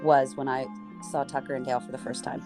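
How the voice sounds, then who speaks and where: A woman co-hosting a podcast, retelling film scenes in animated, laughing storytelling. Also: extremely low pitch, fast, music in the background. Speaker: podcast co-host. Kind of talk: casual chat.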